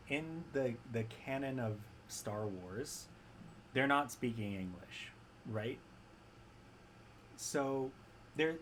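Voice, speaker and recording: A man's voice: mid-range voice, a little hiss or hum, poor audio. A man talking casually and enthusiastically about fiction, rambling with restarts and often checking in with "right?". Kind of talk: casual chat.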